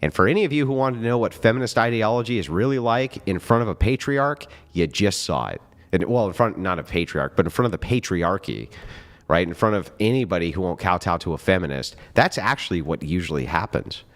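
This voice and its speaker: Low-voiced emphatic man, lively pitch. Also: a little fast. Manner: emphatic, profane, mocking. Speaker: debater. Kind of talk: heated post-debate commentary.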